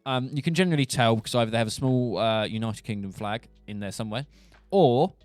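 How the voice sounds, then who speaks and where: Young Southern English man, casual joking streamer, mid pitch, dry close mic. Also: fast talker, no echo. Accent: Southern English, Buckinghamshire. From England. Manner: joking, rambling, with restarts. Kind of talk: casual monologue.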